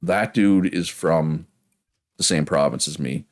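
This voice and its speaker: A man's voice: deep voice, slow pace. A man from Prince Edward Island with a local accent, chatting casually and rambling while streaming a game and reading chat. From Prince Edward Island, Canada.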